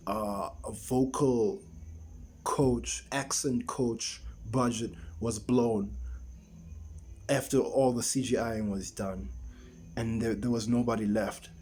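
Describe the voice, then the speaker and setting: A man rants his way through a casual film review, circling back and restarting his sentences. His voice sits at an ordinary middle pitch, and a faint background hiss runs under the recording. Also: steady tone, slow pace, pauses often, a little mellow. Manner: exasperated, rambling with restarts and rhetorical "right?".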